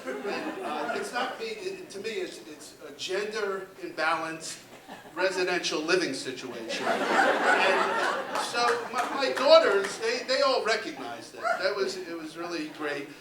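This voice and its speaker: A man in his fifties doing a stand-up set, halting and full of ums and repeated words, recorded in a club with audience laughter. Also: sits high, very animated, background noise. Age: 50s. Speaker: stand-up comedian. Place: comedy club stage. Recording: roomy club sound from a distance with loud crowd.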